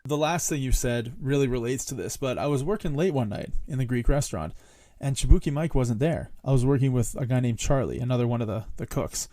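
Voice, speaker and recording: Male host, mid-pitched, casual storyteller, dry booth sound. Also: fairly quick, dark tone, no room sound. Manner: rambling storyteller, laughs between lines. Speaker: podcast host. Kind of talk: casual chat.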